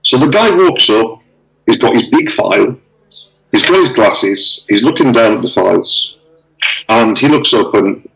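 A man chatting casually on a video call, telling stories with lively acted-out dialogue. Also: mid-range voice, unhurried, creaky, dull audio. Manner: animated storyteller, acts out dialogue. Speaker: interviewee.

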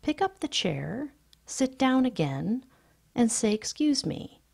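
A woman reading the lines of a proper mother who believes in signs, soft and hushed. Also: on the high side, sing-song, normal speed, gravelly, slightly rough, dry recording, studio quality, voice pushed up, heavily acted. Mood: scolding.

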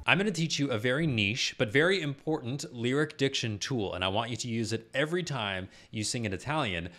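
A man with a low voice, a professional singer and vocal coach explaining singing technique step by step in a YouTube lesson. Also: lively intonation, brisk, bright, forceful tone, soft background music. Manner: patient step-by-step explaining with sung and spoken demonstrations.

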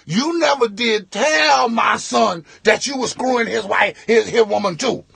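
Guy doing a drunk dad yelling slow at a wedding, high raspy voice. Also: big pitch swings, no echo, full character voice. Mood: shouting drunk. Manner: shouting, slow, slurring rant. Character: drunk loudmouth father of the groom.

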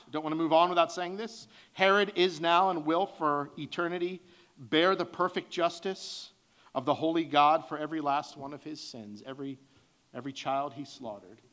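Middle-aged guy pastor preaching, earnest, kinda high voice, swells up then goes soft. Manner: earnest preaching with rises for emphasis and soft drops. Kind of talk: sermon. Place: church sanctuary.

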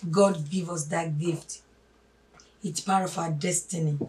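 A woman giving a spoken sermon, emphatic, swinging from loud stresses to hushed asides and calling listeners her brothers and sisters. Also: on the low side, fairly even intonation, unhurried. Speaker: religious teacher. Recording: voice a little distant from the mic.

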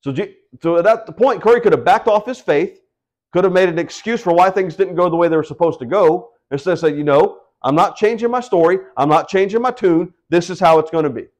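High-voiced man preaching conversationally. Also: fairly quick, darkish tone. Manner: conversational preaching, acts out quoted voices, asks the congregation questions. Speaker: pastor. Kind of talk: sermon.

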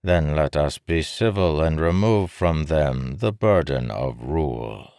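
A sly male king who needles and persuades without ever raising his voice, as a man puts him on. The voice sits very deep and moves unhurried. It sounds like a storybook reading in a dry, close space. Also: dry recording, heavily acted. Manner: smooth, needling, calmly persuasive. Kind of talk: audiobook character voice.

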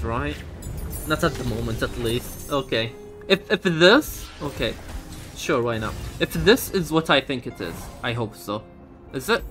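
A young man narrating his gameplay live, his pitch swinging widely and his delivery unhurried. His voice is bright and tense, with a faint bed of music underneath. He sounds exasperated, swearing and breaking into sudden exclamations. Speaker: gamer streaming a speedrun.

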